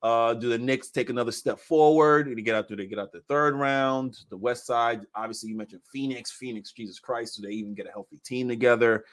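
A man in casual sports podcast chat, animated and laughing, acting out quotes as he talks basketball. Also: medium pitch, a little fast, few pauses.

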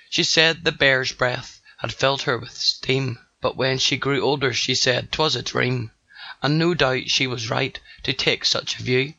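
Man, rhyming storybook narration, gravelly, bright tone, dull dry recording. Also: medium pitch, no room sound. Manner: sing-song rhyming delivery.

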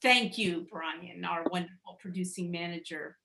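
A woman's voice: on the low side, normal speed, vocal fry, bright, forceful tone, reverberant, a little hiss or hum. A woman hosting a live online show over a video call, bubbly and tripping over her words now and then. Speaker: host.

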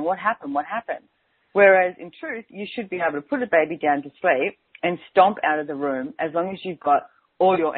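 A woman's voice: low voice, no room sound. A woman hosting a radio talk show, chatting casually and filling her speech with "and it's like". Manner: chatty, keeps saying "and it's like". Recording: tinny phone-like line, dry.

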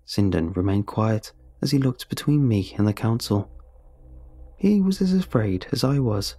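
A man narrating a first-person audiobook in a steady, dramatic storytelling manner. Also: lowish voice, moderate pace, dry recording.

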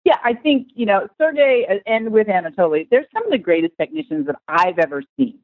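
A woman's voice: mid-range voice, very animated, fairly quick, no echo, narrow, tinny audio. A woman guest in a conversational interview, talking with enthusiasm and at length. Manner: enthusiastic, talkative. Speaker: guest, tour organizer.

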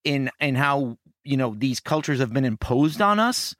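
A man's voice: mid-range voice, expressive, normal speed, fairly bright tone, no room sound, studio quality. An earnest man from Puerto Rico co-hosting a podcast discussion. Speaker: podcast co-host.

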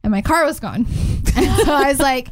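A woman with a high voice tells a story in an animated, laughing way. She co-hosts a casual chat. Her voice is recorded dry and close, with no room sound. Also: brisk, no room sound. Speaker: co-host.

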